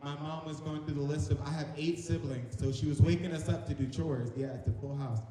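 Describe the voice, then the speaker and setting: Young male stand-up, playful and chatty, slightly high voice, heavy reverb. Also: fairly even intonation, a little fast, warm tone. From North Carolina. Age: young adult. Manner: playful, chatty, audience-teasing. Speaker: stand-up comic. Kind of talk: stand-up comedy. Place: large echoing hall on stage. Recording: echoey hall reverb.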